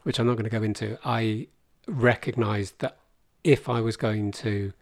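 A man's voice: fairly low pitch, steady tone, normal speed, gravelly, no room sound. A man in his fifties, a podcast guest telling a long, rambling story with dry humour. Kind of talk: casual conversation.

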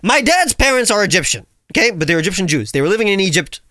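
Young male podcast co-host, quick and slightly high, dry close mic, rambling storyteller. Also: no echo. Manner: rambling, animated storytelling with many restarts. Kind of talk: casual chat.

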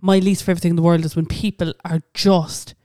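A woman's voice: fairly low pitch, level tone, fairly quick, dark tone, no echo, studio quality. A young woman co-hosting a podcast in casual chat, ranting bluntly and swearing freely. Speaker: podcast co-host.

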